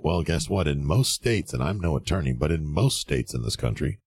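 Sarcastic, mocking male commentator with a husky, very low voice; blunt advice monologue. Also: expressive, fairly quick, hardly any pauses, darkish tone, no room sound. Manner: sarcastic, mocking, acts out quoted people. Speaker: real estate commentator.

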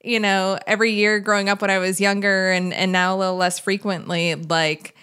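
A woman's voice: medium pitch, flat delivery, brisk, fairly bright tone, clean tone. An American woman hosting a podcast, chatting casually and thoughtfully, with frequent laughs. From United States. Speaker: podcast host. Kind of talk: casual chat.

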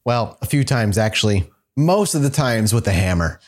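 A man reading the lines of an eerily calm male radio caller who answers in a flat, nonchalant way. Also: fairly low pitch, moderate pace.

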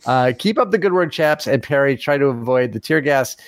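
A man's voice: medium pitch, animated, a little fast, no echo, clean studio sound. A man hosting a casual podcast, chatting and reading listener emails aloud with easy laughs.

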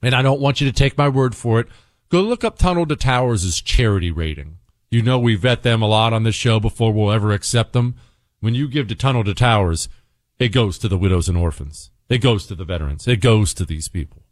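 A man's voice: a little fast, dry recording, studio quality. A man hosting a radio talk show, ranting sarcastically and reading sponsor spots in an earnest tone. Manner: sarcastic, swings between mocking high tones and low earnest pitch. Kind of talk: opinionated radio monologue.

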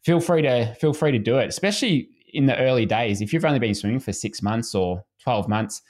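A man's voice: medium pitch, brisk. A man, a swimming coach speaking as a podcast guest in an easygoing, casual way. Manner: relaxed, easygoing, frequent restarts.

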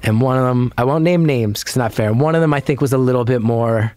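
A man's voice: mid-range voice, fast talker, a little mellow, no room sound. A man sits at a studio podcast mic, spinning a story in a loose, rambling, self-deprecating way. His voice sits in an ordinary middle range, and the sound is dry and close, with no room around it. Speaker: podcast guest, comedian. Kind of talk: casual storytelling chat.

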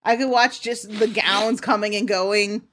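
A woman's voice: medium pitch, fairly even intonation, a little slow, a bit bright, a little hiss or hum. A woman joining a casual podcast chat, speaking with enthusiasm. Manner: enthusiastic, gushing.

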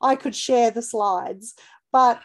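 A woman's voice: a little high, takes it slowly. A woman co-hosting a podcast, chatty and upbeat as she gives business tips. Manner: chatty and upbeat, laughs easily. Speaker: podcast co-host. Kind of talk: casual podcast chat giving business tips.

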